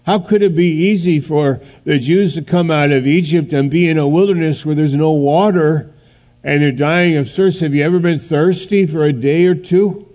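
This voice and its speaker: A man preaching a sermon, telling a story in a halting way and then building to loud, emphatic outbursts. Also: on the high side.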